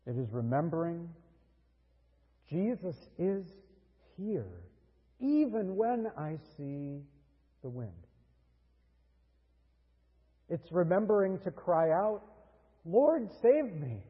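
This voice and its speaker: A man preaching a sermon as pastor, earnest and deliberate, with dramatic pauses. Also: a little high, sing-song, breathy edge, in a large hall, phone-quality sound.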